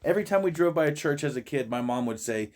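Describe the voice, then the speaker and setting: A man's voice: fairly high pitch, expressive, fast, a little mellow. A man in a friend's shed talking casually, stumbling over and repeating words, swearing freely and laughing often. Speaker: vlogger reacting to a video. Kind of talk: casual profane monologue.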